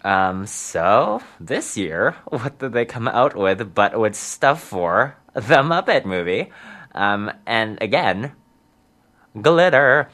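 A man's voice: deep voice, fairly bright tone. A man hosting a community radio show, chatting casually and giggling with lots of ums.

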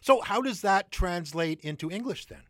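A man hosts a radio interview, friendly and a little halting, tripping over words as he asks his questions. His voice is fairly high for a man and sounds dry and close, with no room echo. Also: expressive, fairly bright tone. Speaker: radio host.

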